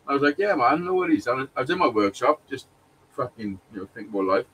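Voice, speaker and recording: A man's voice: medium pitch, lively intonation, quick pace, a bit bright, recorded from a distance, a little hiss or hum, poor audio. A man telling a long personal story in casual chat, sweary and rambling, with frequent restarts and laughs.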